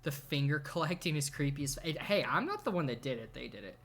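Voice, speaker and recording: A man's voice: fairly high pitch, expressive, quick pace, creaky, fairly bright tone. A man running a tabletop game as game master, chatting casually and swearing in exasperation.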